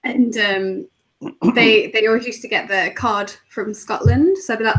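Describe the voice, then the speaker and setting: A woman's voice: fairly high pitch, fairly even intonation, moderate pace, fairly bright tone. A British woman talking as a podcast guest, playful and self-mocking, laughing often. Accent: British English. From England. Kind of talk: casual chat.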